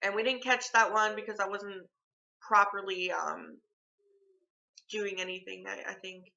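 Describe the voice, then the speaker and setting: A woman's voice: medium pitch, fairly even intonation, measured pace, gravelly, pushed and bright, dull audio. A young woman vlogging at home, chatting casually and rambling with lots of filler words. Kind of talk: casual chat to camera. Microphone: phone camera.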